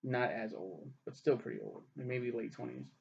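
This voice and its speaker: A man's voice: medium pitch, normal speed, vocal fry, a little hiss or hum. A young man casually reviewing a TV show, rambling and ranting with lots of swearing. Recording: dull lo-fi recording.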